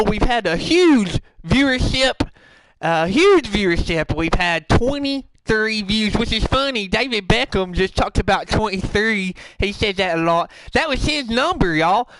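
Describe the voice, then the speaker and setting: A man's voice: extremely high pitch, background noise. A man playing a brash, bragging sports talk show host who delivers gossipy hot takes.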